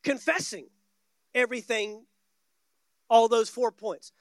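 A man's voice: high-pitched, animated, moderate pace, a bit bright, dry recording. A man preaching a sermon from a church stage, emphatic and repeating key words for stress. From United States.

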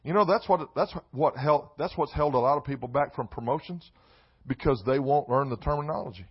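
A man preaching a sermon in a church, mixing loud emphatic lines with comic asides. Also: medium pitch, fairly quick, breathy edge, highs cut off. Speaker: pastor. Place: church sanctuary.

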